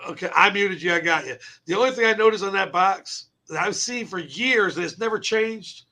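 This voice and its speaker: A brash male talk-show host with a high, bright, ringing voice. He laughs and swears his way through casual chat. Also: brisk.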